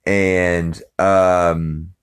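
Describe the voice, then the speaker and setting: A man with a low voice recaps a cartoon episode in casual podcast chat. He rambles, stumbling over fillers and acting out the characters' lines as he goes. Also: level tone, extremely slow, clear, resonant tone. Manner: rambling, many ums and uhs, acts out quotes. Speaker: podcast host.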